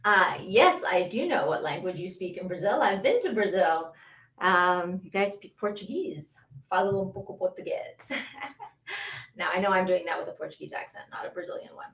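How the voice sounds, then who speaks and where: A woman's voice: lowish voice, lively intonation, fairly quick, fairly bright tone, distant mic. A woman talks casually to her livestream viewers, laughing often and stopping to greet them by name. Her voice carries a roomy echo, and she sits a little back from the mic. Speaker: livestream host.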